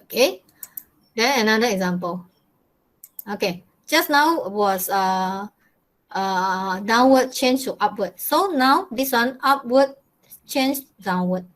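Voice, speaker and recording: A woman teacher with a Malaysian English accent and a slightly high voice. She explains patiently step by step, mixing Malay words into her English. She laughs often as she coaxes students to answer. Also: expressive, slow pace, low-quality recording. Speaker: mathematics teacher. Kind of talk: classroom lesson.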